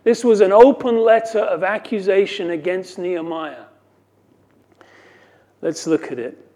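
Fields: Sex: man. Role: pastor. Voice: warm, fairly high. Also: measured pace. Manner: earnest preaching, dry self-mocking asides. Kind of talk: sermon.

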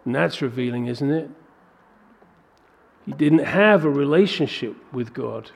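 A man preaching a sermon, working through a scripture passage with animated rhetorical questions. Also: mid-range voice, unhurried, vocal fry, breathy edge. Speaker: pastor.

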